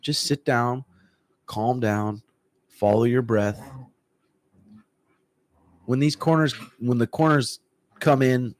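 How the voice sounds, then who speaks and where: A man who works as a fight coach, chatting casually on a livestream and answering viewer comments in a relaxed, profane way, often clearing his throat. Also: mid-range voice, moderate pace, dry recording. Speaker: MMA coach. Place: room at home.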